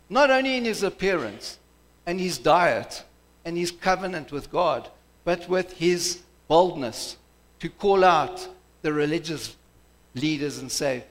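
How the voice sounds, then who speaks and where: A man's voice: sits high, fairly bright tone. A male pastor preaching a sermon from the pulpit in a conversational, aside-filled way. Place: church.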